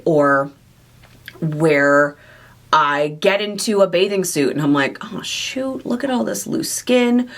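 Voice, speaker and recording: Low-voiced woman, candid heartfelt vlogger. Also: fairly bright tone. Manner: affectionate toward viewers. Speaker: weight loss surgery coach and channel host. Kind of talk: direct-to-camera Q&A vlog.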